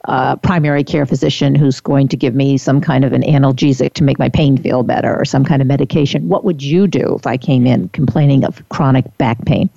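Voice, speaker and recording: A woman's voice: a bass voice, steady tone, brisk, creaky, hardly any pauses, warm tone, dry recording, muffled recording. A woman hosting an interview, summarizing her guest's points and steering the questions in a conversational way. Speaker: host.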